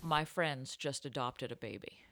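A woman's voice: rumbling low, a little slow, very noisy. A woman co-hosting a comedy podcast, telling rambling, giggly stories full of silly wordplay. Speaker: podcast co-host. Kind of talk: casual comedic chat.

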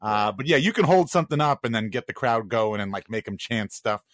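A man, co-hosting a podcast in casual chat and telling lively stories. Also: mid-range voice, a little fast, no room sound, studio quality. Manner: animated storyteller who mimics crowd chants. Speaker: podcast co-host.

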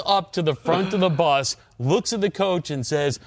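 A middle-aged man co-hosting a casual sports podcast, telling anecdotes with animated delivery. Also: fairly high pitch, normal speed, no room sound. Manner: animated storyteller, acts out voices in anecdotes. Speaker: podcast co-host.

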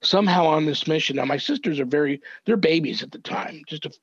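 An older man, a reverend, earnestly recounting a family story as a podcast guest, measured and thoughtful with small restarts. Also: a little high, breathy edge, dry recording. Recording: dull, dry lo-fi audio.

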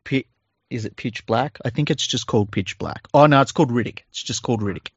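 A man's voice: medium pitch, brisk, slightly rough, no echo. Joking Australian man, dull dry audio. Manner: laughing, swearing, joking. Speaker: podcast co-host. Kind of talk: casual banter.

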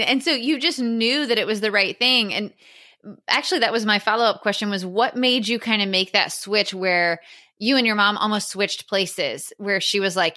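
Woman, podcast host, casual interview, encouraging, bright tone. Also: medium pitch, moderate pace. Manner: warm, encouraging, laughs along.

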